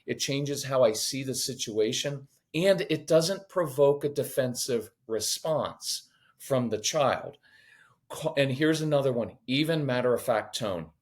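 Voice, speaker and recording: A man on a parenting podcast, talking in a lively, conversational teaching way, acting out quoted voices and joking now and then. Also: medium pitch, measured pace. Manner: animated, acts out quoted voices, jokes.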